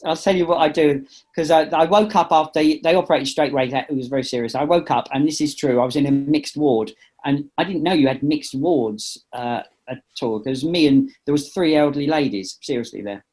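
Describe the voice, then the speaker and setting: A middle-aged man, an impressionist, telling a funny story over a video call. He is animated and laughs at his own jokes. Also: on the high side, a little fast. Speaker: impressionist and comedian guest. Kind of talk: casual anecdote telling.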